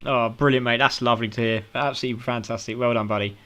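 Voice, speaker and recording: A man's voice: mid-range voice, fairly even intonation, fast, a bit bright. A man with a British accent doing upbeat post-race interviews as a sim racing commentator, full of praise for the drivers.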